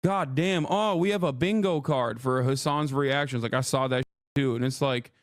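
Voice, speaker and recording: A man's voice: medium pitch, moderate pace, dry recording, clean studio sound. A man streaming live, angrily ranting with lots of swearing as he reacts to another creator. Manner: angry, profane, ranting. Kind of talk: heated reaction rant to live chat.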